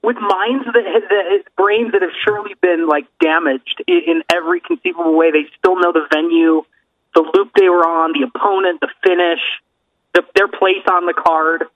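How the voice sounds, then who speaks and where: High-pitched dude on a muffled remote line, rambly and fired up. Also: male voice, expressive, normal speed. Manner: enthusiastic, rambling, says dude a lot. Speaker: podcast co-host. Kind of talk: casual chat.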